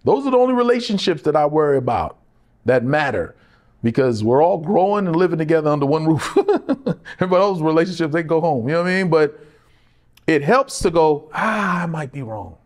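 In a candid interview, this middle-aged male actor talks fairly quickly in a voice on the high side. His storytelling is animated and conversational: he performs the voices of people he quotes and laughs a lot.

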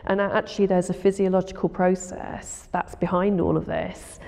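Gravelly-voiced woman in a reverberant room. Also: lowish voice, little pitch movement, moderate pace, dark tone. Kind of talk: explanatory interview. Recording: long reverb.

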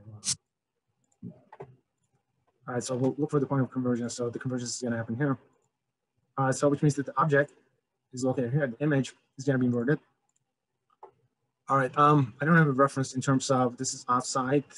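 A man's voice: medium pitch, poor audio. A man teaching physics in a casual lecture over slides, talking loosely with many "all right" restarts.

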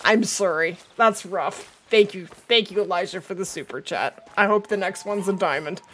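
A woman hosting a live gaming stream, chatty and excitable, laughing often as she reads out chat, while she is losing her voice. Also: mid-range voice, moderate pace, slight background noise. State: losing her voice, throat not clearing. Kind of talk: live gameplay commentary.

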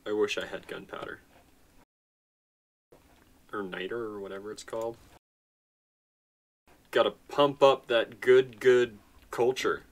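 A man's voice: fairly low pitch, steady tone, slow, pauses often. A man casually commenting on his strategy game as he plays, nonchalant and chatty, talking to himself and sounding tired. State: tired, yawning. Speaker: gaming channel host. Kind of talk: casual let's-play commentary.

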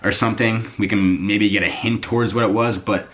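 Rambling, excitable young man vlogging. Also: on the low side, brisk. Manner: rambling, excitable, swears casually. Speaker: YouTuber. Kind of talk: casual vlog chat to camera. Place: indoors at home, bedroom.

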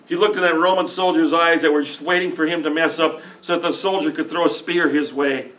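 A man's voice: fairly high pitch, fairly even intonation, brisk, fairly bright tone, recorded from a distance. Emotional male pastor preaching from afar. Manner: emotional, earnest, folksy preaching. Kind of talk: sermon. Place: church sanctuary.

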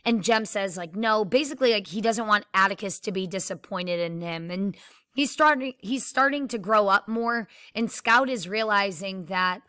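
A woman's voice: mid-range voice, moderate pace, sharp tone, dry recording, studio quality. A woman reading a novel aloud steadily, then explaining it casually like a teacher.

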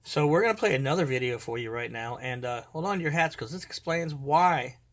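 A man's voice: mid-range voice, animated, fairly quick. A man hosts a reaction video with casual commentary, blunt and profane, speaking straight to viewers.

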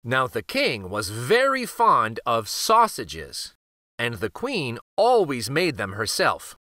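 A man hosting a children's read-aloud channel, reading a picture book in an expressive, lively storytelling way. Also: medium pitch, slow pace, dry recording, studio quality.

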